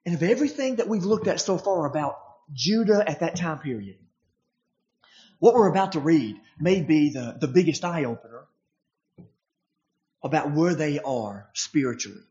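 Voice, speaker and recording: A preacher delivering a sermon in a conversational way, full of restarts and lively shifts of pitch when acting out the voices in the text. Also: moderate pace, long pauses. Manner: animated, acts out the quoted voices in a higher pitch. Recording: dull lo-fi recording.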